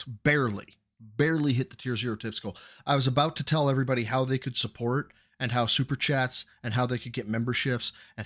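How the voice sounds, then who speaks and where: A man of middling pitch hosts a relaxed reaction show. He thinks aloud while he watches, and he often stops and restarts his sentences. His tone is teasing. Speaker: host reacting to a stream. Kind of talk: casual reaction commentary.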